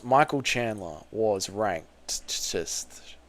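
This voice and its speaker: A young man hosting a casual livestream, reading chat comments and bantering loudly with sudden excited shouts and plenty of swearing. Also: on the high side, moderate pace, clear, resonant tone. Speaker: livestream host.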